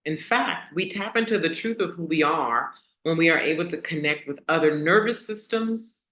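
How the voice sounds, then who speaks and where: A woman hosting a casual motivational talk for her online community, asking rhetorical questions and repeating key lines slowly for emphasis. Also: low voice, a bit bright, echoey room. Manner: conversational, asks the audience rhetorical questions. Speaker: host.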